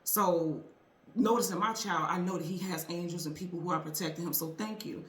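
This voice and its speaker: A woman's voice: lowish voice, fairly even intonation, brisk, fairly bright tone, roomy sound. A middle-aged woman hosting a tarot channel, telling a story to viewers in a chatty, earnest way with fillers and restarts. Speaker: tarot reader and channel host.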